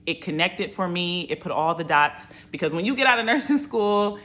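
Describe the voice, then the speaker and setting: A woman's voice: fairly low pitch, animated, normal speed, fairly bright tone. A woman and nurse talking casually and with emphasis about a study course, repeating her points. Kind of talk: casual review talk.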